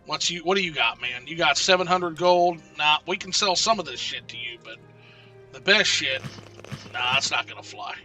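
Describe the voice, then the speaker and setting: A man streaming a video game, talking casually and excitably to his chat and swearing often. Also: fairly high pitch, normal speed, recorded from a distance, soft background music. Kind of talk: casual live gameplay commentary.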